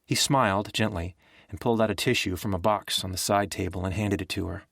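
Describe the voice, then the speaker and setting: Male audiobook narrator, low pitch, dry close sound, measured delivery. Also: vocal fry, dry recording. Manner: even, measured storytelling.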